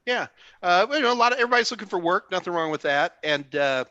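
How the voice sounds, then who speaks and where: Texan male host, bright and fairly high voice, jokey and chatty, dry close sound. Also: animated, fast talker, dry recording, lo-fi sound. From Texas. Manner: joking, chatty, lots of fillers. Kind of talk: live Q&A stream chat.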